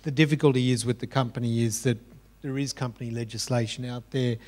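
A man speaking as a panelist on business lending, explaining in a measured, matter-of-fact way. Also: mid-range voice, fairly even intonation, darkish tone. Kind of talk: panel discussion.

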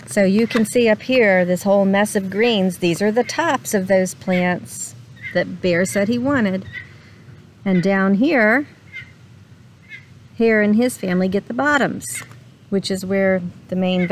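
A woman reading a picture book aloud to children at a slow, expressive pace. She often pauses to put questions to her listeners. Her voice sits in a middle pitch, with a faint hiss behind it.

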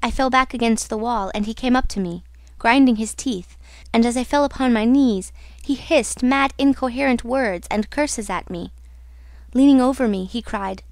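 A woman narrating a classic novel as an audiobook, measured and dramatic in her reading. Her voice sits a little high and sounds dry and close to the mic. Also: no room sound. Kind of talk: scripted narration.

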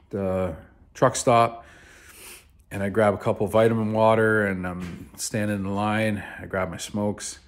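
A man from Canada telling a personal story to camera in a laid-back, rambling way, with many fillers and some swearing. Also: low voice. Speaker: vlogger.

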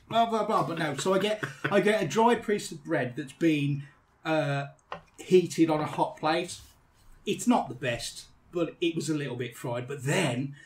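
A man's voice: on the high side, recorded from a distance. A British man hosting a podcast, telling a holiday story in casual chat and laughing often. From Britain. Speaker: podcast host.

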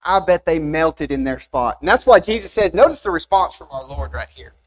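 Animated young preacher man, emphatic. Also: on the high side, a little fast, rough recording. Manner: animated, rising emphatic delivery with rhetorical questions. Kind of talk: sermon. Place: church sanctuary.

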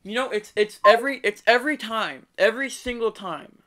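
A woman's voice: a little high, a little fast, fairly bright tone. A woman making a mocking prank call. She stutters and taunts the person she is talking to. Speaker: prank caller. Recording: noisy background hiss.

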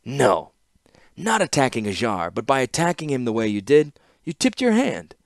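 A calm, shrewd young man who speaks in a measured, quietly wry way, as a male audiobook reader voices him. The voice stays close to the reader's own mid-range pitch. It is recorded close and dry. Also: creaky, dry recording. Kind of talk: audiobook character voice.

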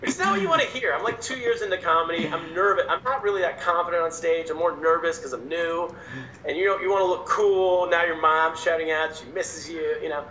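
Bright animated comedian, echoey room. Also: male voice, fairly high pitch, a little fast, lo-fi sound. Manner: animated, self-mocking. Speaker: stand-up comedian, guest. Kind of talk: casual storytelling. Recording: echoey room, faint ambience.

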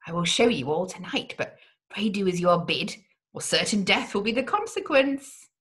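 Woman doing a hushed, ominous prison maid. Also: mid-range voice, lively intonation, normal speed, lightly acted. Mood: urgent.

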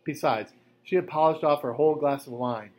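A man's voice: a little high, fairly quick, darkish tone. A man, a teacher, reading a novel aloud to his class in a casual, conversational voice. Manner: casual, conversational first-person narration.

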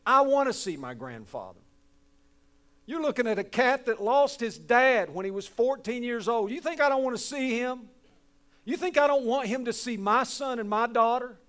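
A middle-aged man with a West Virginian accent preaching a sermon, folksy and joking, swinging from hushed to loud. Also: very high voice. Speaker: pastor.

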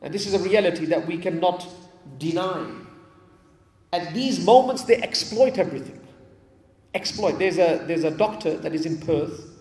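A man's voice: high-pitched, moderate pace, a little mellow, a little hiss or hum. A man from England giving a storytelling sermon in a mosque hall, repeating key phrases for emphasis. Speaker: preacher. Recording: echoey hall with long reverb.

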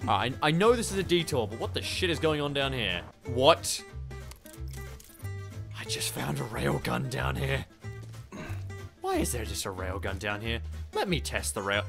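A young Australian man giving excitable, swear-filled commentary while playing a video game. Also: a little high. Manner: excitable, swearing, laughing at chaos. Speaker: gaming YouTuber. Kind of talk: live gameplay commentary.

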